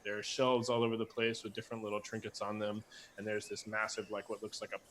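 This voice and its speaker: A man's voice: lowish voice, completely flat delivery, fast, fairly bright tone, a little hiss or hum. A man running a tabletop game as dungeon master, narrating with many fillers. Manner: rambling, full of fillers.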